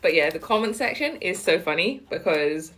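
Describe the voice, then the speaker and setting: A woman's voice: on the low side, animated, fairly bright tone. A woman from Wales with a faded Welsh accent blended with London, chatting casually while eating on camera. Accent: faded Welsh mixed with London. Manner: chatty, eating between words, slow and unhurried. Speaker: mukbang vlogger.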